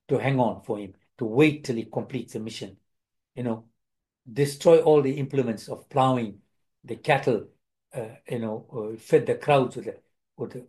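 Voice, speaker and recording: A man's voice: mid-range voice, dark tone. A male preacher giving a sermon, telling a scripture story with many restarts and repeated phrases, and voicing the quoted figures himself.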